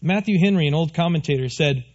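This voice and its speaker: A man with a high voice preaches a lively sermon from a church stage, often turning questions back to his congregation. The recording is a little muffled and lo-fi. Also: quick pace. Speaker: pastor.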